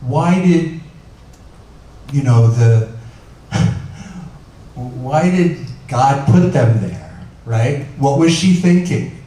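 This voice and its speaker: A man's voice: medium pitch, animated, very slow, pauses often, dark tone, slight background noise. Man lecturing from across an echoey room. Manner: conversational, lots of fillers, asks the audience questions. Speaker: doctor giving a lecture. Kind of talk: informal lecture. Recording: echoey room picked up from a distance.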